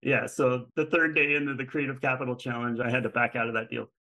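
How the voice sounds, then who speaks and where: A middle-aged man speaks as a podcast guest, telling his story in a casual, animated way. His voice sits at an ordinary middle pitch, and he acts out the voices of the people he quotes as he goes. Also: quick pace, low-quality recording. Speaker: guest, real estate fund manager.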